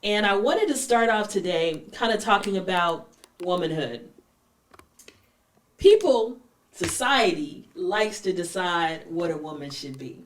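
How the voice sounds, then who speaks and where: Woman host, animated storyteller, echoey room, mic at a distance. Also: on the low side, normal speed. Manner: animated storyteller, acts out characters. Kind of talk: storytelling talk show. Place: room with guests.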